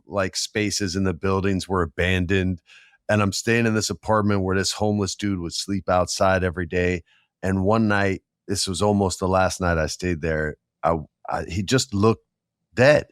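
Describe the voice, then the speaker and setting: A man with a fairly low voice hosts a casual podcast, spinning stories and jumping into the voices of the people in them. The sound is dry and close to the mic. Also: normal speed, clear, resonant tone, no room sound. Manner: animated storyteller, acts out quoted voices. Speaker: podcast host. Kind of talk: casual storytelling chat.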